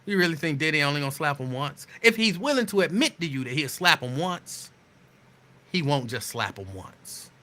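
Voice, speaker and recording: A man hosting a talk show, delivering a sarcastic, animated monologue that riffs on the news. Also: on the high side, moderate pace. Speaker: show host.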